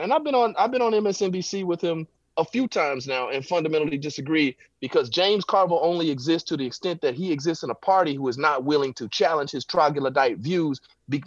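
Speaking from home with his backyard visible, a man delivers impassioned, emphatic political commentary in a preacherly style, tossing in rhetorical "right?" tags. His voice is fairly high, with no room sound and the highs cut off.

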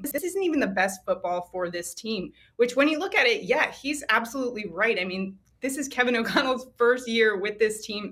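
Woman sports betting analyst, bright sharp tone, excited and fast with the numbers. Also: mid-range voice. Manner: excited, stat-heavy, quick to laugh. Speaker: sports betting host, guest.

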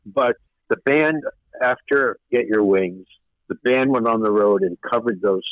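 Older male producer guest, low pitch, meandering anecdotes, muffled lo-fi broadcast. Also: no room sound. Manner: rambling, many fillers and restarts. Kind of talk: casual interview storytelling. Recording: dull lo-fi radio sound.

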